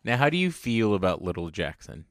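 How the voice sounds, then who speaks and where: A man with a low voice co-hosts a podcast recap. He talks in a relaxed way, laughs along with his co-host and drifts into rambling stories. The recording is dry and close. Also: fairly quick, no echo. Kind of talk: casual chat recapping a reality show.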